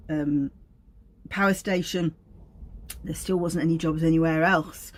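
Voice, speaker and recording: A woman, an aromatherapist, giving an informal teaching talk in a meandering, anecdotal way. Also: on the low side.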